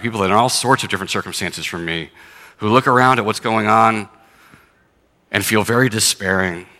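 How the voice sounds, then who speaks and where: A man preaches a sermon in an earnest, conversational way, slipping between scripture reading and plain talk. His voice sits fairly low but sounds bright and forceful. A long reverb trails after his words, as in a big hall. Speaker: pastor.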